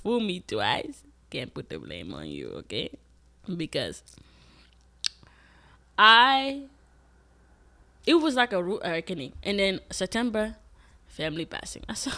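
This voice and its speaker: A young woman vlogging, talking candidly and emphatically in a casual reflective monologue, swearing freely and breaking into sudden loud outbursts. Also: on the low side, big pitch swings, moderate pace, long pauses. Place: Atlanta.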